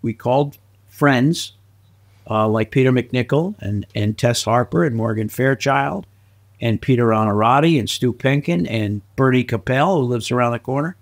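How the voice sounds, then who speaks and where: A guest actor and filmmaker tells stories in a relaxed interview, his mid-range voice moving at a moderate pace. He's animated and lively, laughing easily and slipping into little character voices as he goes.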